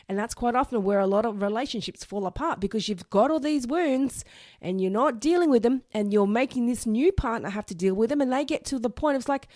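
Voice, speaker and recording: A woman's voice: fairly high pitch, brisk, darkish tone, no echo, studio quality. A woman hosting her own solo podcast, talking in a chatty, earnest and self-deprecating way. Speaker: podcast host. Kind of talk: solo motivational podcast talk.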